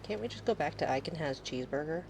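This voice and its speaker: A woman's voice: deep voice, animated, fast talker, vocal fry, noisy background. Sarcastic woman streamer chatting. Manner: rambling, sarcastic, swears freely. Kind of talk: casual live-stream chat.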